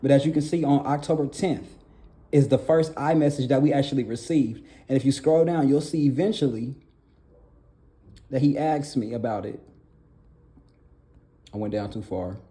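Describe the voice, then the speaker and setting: Halting, pleading young man with a mellow voice. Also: mid-range voice. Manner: halting, repeats phrases, pleading and insistent. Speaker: documentary narrator telling his own story. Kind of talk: emotional personal testimony.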